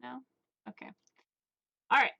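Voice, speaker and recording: A woman's voice: unhurried, sharp tone, dull audio. A woman narrating a tabletop game as game master, chatty, with many fillers and laughs.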